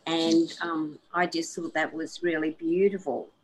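A woman's voice: sits low, level tone, measured pace, poor audio. A woman co-hosting an online radio interview, speaking in an earnest, affirming way. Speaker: co-host. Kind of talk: interview talk.

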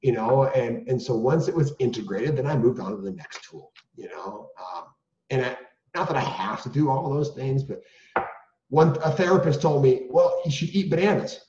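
Middle-aged man, earnest interview guest, candid and animated; echoey, lo-fi sound. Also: mid-range voice, normal speed, slight background noise. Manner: earnest and animated, many restarts and rhetorical questions. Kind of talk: candid storytelling. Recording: roomy, dull lo-fi sound.

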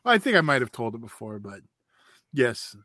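A giggly, hesitant man co-hosting a casual podcast. His pitch jumps around a lot and his tone is bright. The sound is dry and close. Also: very animated, normal speed, no echo. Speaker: podcast co-host.

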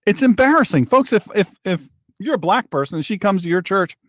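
A male talk show host delivers a heated, sarcastic monologue, his voice sitting a little high and swinging animatedly up and down. He often doubles back and repeats himself, and the sound is dry and close. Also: expressive, a little fast, no room sound. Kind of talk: political commentary monologue.

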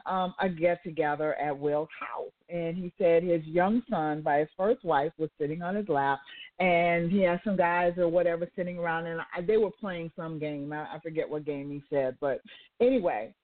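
A woman hosting a talk radio show, retelling a story with asides and turning it into a faith-based lesson. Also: lowish voice. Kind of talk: motivational talk radio monologue. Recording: tinny phone-like line.

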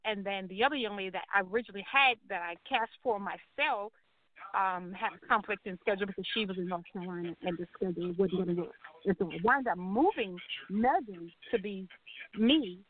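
A woman's voice: mid-range voice, fairly quick. Woman on a tinny call. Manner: animated, acts out quoted voices. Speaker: guest telling her life story. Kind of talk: personal storytelling in an interview. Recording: tinny phone-like call audio.

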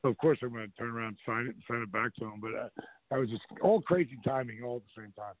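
A man's voice: medium pitch, fast, dry recording. A middle-aged man hosting a radio show, telling stories casually and animatedly, with restarts and acted-out quotes. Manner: animated anecdote-telling, acts out voices in quotes. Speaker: show host. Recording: dry, phone-like narrow sound.

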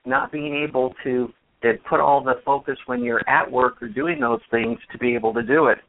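A man's voice: mid-range voice, animated, moderate pace, gravelly. A man who works as a business consultant, giving earnest advice in a casual panel discussion. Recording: tinny phone line with faint noise.

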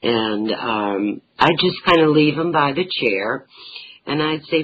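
A woman's voice: a bass voice, expressive, slow pace, lo-fi sound, slight background noise. A middle-aged woman, an author being interviewed, telling humorous family anecdotes. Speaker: author and talk show guest. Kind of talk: interview storytelling.

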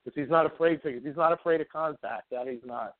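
Man, easygoing sports radio co-host, slightly high voice, dry phone sound. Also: a little fast, no echo, phone-quality sound. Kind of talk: casual call-in radio chat.

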